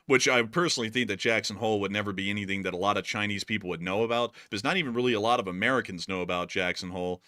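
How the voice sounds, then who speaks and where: A young man co-hosting a casual livestream, his voice bright and forward with a lively, excitable manner. The sound is close and dry, with almost no room around him. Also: on the low side, rapid-fire, hardly any pauses, no room sound. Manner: excitable, laughing, many fillers. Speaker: co-host of a news livestream.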